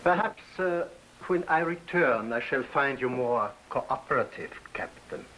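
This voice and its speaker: An actor playing a polished, coldly courteous communist official who interrogates a prisoner, in 1950s TV drama style. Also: male voice, medium pitch, lively intonation, a little slow, a bit bright, a little hiss or hum, low-quality recording. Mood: smooth. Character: suave menacing communist official, male.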